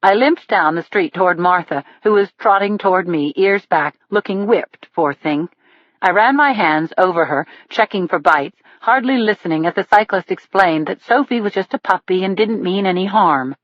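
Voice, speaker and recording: A woman narrating a thriller audiobook in the first person, in a steady storytelling manner. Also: lowish voice, normal speed, dry recording. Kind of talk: scripted narration. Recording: dull lo-fi dry recording.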